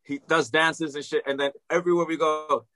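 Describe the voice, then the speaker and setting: A man telling a long story in casual chat, animated and swearing freely. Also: on the high side, fairly quick. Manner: animated, swears freely, acts out quoted dialogue.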